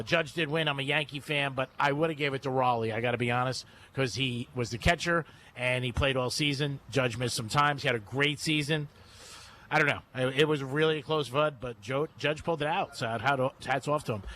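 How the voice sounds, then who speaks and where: A man hosting a radio sports betting segment, talking in a brisk, breezy, chatty way into a studio microphone. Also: medium pitch, sharp tone, slight background noise. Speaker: radio host.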